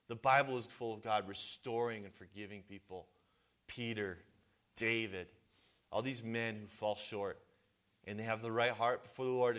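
A man's voice: mid-range voice, a bit bright. Earnest man preaching with restarts. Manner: earnest, conversational, with frequent restarts. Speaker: men's retreat speaker. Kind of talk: sermon.

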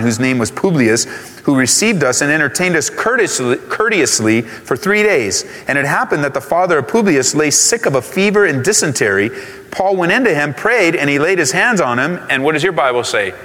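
A man preaching a sermon, reading scripture aloud and rising in pitch on key words. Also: fairly bright tone. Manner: reads scripture aloud, rises in pitch for emphasis. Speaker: pastor. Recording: long hall reverb.

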